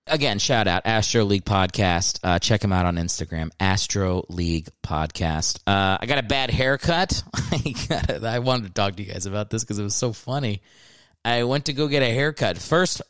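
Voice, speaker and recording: A man riffs through his own podcast in a loose, rambling monologue, joking at his own expense and swearing now and then. His voice is smooth and full at an ordinary pitch. The recording is dry and close, with no room sound around it. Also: a bit bright, no echo. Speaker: podcast host and comedian. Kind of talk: casual solo podcast monologue. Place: indoors, seated on a creaky chair.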